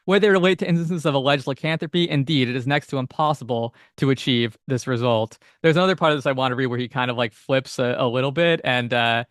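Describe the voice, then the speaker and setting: Male podcast co-host, mid pitch, close and dry mic, reads text aloud then chats loosely. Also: fast, hardly any pauses, fairly bright tone, no echo. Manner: reads old text steadily, chats with many fillers. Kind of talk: casual chat, reading passages aloud.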